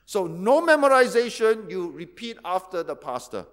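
Guy pastor giving a sermon, kinda high voice, explains stuff and repeats words to drive it home. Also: big pitch swings, moderate pace. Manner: teaching, rhetorical questions, repeats key words.

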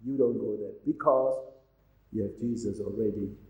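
A man's voice: fairly low pitch, moderate pace, darkish tone, reverberant, low-quality recording. A man pastor preaching a sermon in a church, reading scripture aloud and urging his congregation with emphatic delivery.

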